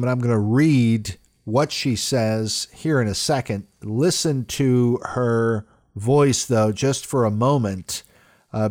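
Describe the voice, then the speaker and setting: A man delivering a political commentary monologue in an emphatic way. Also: medium pitch. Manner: emphatic, rising loudly when quoting.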